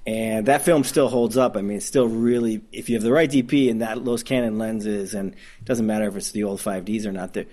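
A man with a Midwestern accent talks about making documentaries in a relaxed interview. His voice sits on the low side, and he rambles eagerly, circling back and restarting his sentences. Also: a little fast. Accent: Midwestern American. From Detroit, Michigan. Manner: enthusiastic, rambling, frequent restarts and laughs. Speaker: documentary filmmaker. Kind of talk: casual interview conversation.

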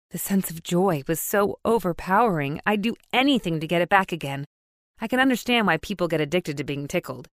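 A woman's voice: fairly low pitch, normal speed. A woman narrating an audiobook in the first person with emotive, intense storytelling, recorded on a close studio mic. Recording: dry, no room echo.

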